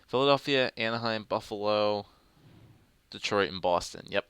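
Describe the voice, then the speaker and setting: A man's voice: on the low side, moderate pace, a bit bright, smooth, no echo. A young man giving casual, rambling gameplay commentary, thinking aloud with fillers as he goes. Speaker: gaming commentator.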